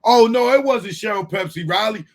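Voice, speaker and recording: A male host giving casual, animated commentary in street slang, brushing off what people say. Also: high voice, moderate pace, gravelly.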